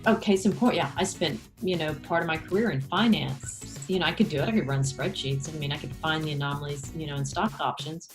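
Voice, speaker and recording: A woman speaking as the guest in a casual interview, an animated storyteller who breaks into high, excited exclamations. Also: fairly quick, hardly any pauses, over music.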